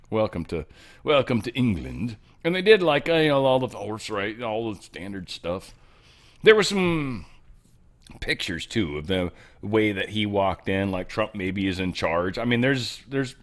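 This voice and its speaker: A male host chats through the news in a loose, rambling way. His voice sits in an ordinary mid range, and he jokes, swings up into loud bursts, then drops to low asides. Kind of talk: casual news commentary.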